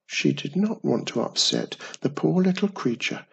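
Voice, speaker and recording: A storyteller reading a children's fantasy tale aloud in a measured way. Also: mid-range voice, animated, vocal fry, a bit bright, slightly rough, lo-fi sound.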